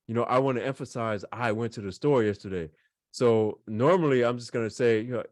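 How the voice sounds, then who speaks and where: A man teaches a beginners' language class in a relaxed, conversational way. He circles back, repeats phrases and leans on fillers as he explains, in a voice of ordinary middle pitch. The sound is dry and close, with no room echo. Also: normal speed. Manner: casual, repetitive, explains with examples and fillers. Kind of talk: online class lesson.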